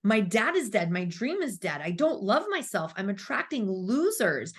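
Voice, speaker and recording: A woman's voice: medium pitch, big pitch swings, normal speed, husky. A woman in her thirties, a spiritual coach, telling her story as a podcast guest, candid and swearing freely, acting out her past self. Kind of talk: emotional storytelling interview.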